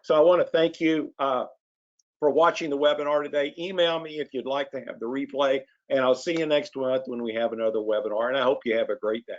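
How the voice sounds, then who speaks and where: A man hosts a casual sales webinar, chatting in a folksy way full of fillers and restarts, and he's coughing. His voice is mid-range and level, fairly quick, with the highs cut off.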